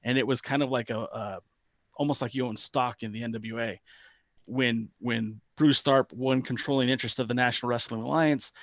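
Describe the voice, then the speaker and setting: A man's voice: medium pitch, a bit bright, no room sound. Man co-hosting a podcast, dry close sound, rambling explainer. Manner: explains at length, restarts and trails off. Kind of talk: casual chat.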